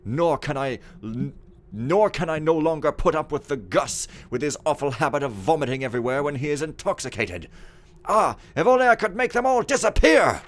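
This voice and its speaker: A spiteful, pompous steward who sneers at the servants beneath him, as a man puts him on. His voice sits up high and comes out loud and exclaiming. The tone stays haughty and scornful throughout. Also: natural voice. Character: pompous, spiteful middle-aged male steward. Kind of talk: reading a game journal aloud in character.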